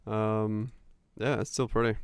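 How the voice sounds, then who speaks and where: A man's voice: lowish voice, flat delivery, unhurried, clear, resonant tone, dry recording. A man streaming a game, chatting casually and telling rambling, laughing stories with lots of fillers. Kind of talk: casual chat while gaming.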